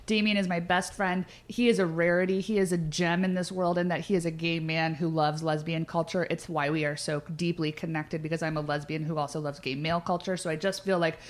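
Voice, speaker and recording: Low-voiced chatty woman co-host. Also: fairly even intonation. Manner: chatty, jokey, quick asides. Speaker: podcast co-host. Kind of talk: casual chat.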